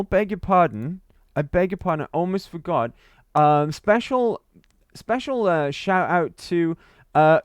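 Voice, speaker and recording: A man's voice: mid-range voice, no echo, studio quality. A man streaming a game and chatting casually to his viewers, rambling and repeating himself with frequent chuckles. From Wales. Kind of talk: casual livestream chat to viewers.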